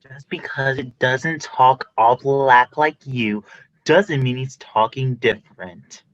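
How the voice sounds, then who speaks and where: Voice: mid-range voice, slow, highs cut off, natural voice. A teenager playing a condescending teenage girl who lectures the others on talking properly. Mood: snooty. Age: teens. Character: snobbish teenage girl Lizzie, then a father.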